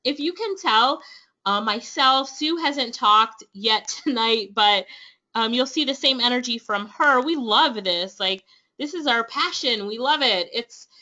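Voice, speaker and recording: Jamaican woman hosting a webinar, high bright voice, super hyped and pushy, kinda muffled lo-fi audio. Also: unhurried. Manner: excited, persuasive, energetic. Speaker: online business trainer hosting a webinar. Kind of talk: upbeat sales pitch to webinar attendees.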